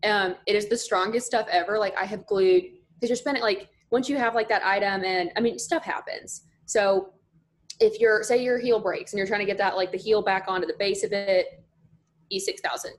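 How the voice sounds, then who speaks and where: A young woman chatting casually as a podcast guest, full of "like" fillers and animated storytelling. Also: mid-range voice, normal speed. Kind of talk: casual chat.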